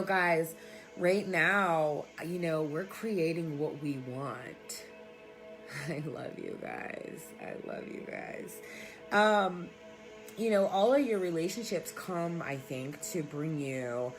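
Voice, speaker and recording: An outspoken woman coach talks straight to her viewers in a casual live chat. She is warm-hearted and emphatic, with plenty of swearing, as soft music plays faintly in the background. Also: on the low side. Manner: emphatic, profane, affectionate. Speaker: spiritual coach and sound healer.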